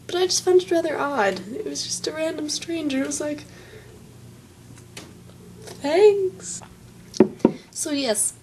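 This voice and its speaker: Young southern woman vlogger, higher voice, dry self-mocking asides, faint room hum. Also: darkish tone, poor audio. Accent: Southern American. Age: young adult. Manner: chatty, wry and self-mocking. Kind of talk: casual vlog storytelling.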